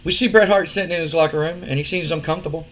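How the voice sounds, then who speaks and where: A man's voice: fairly high pitch, steady tone, rapid-fire, fairly bright tone. A man casually narrating a wrestling simulation game, rambling and restarting. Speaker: gamer narrating a wrestling sim.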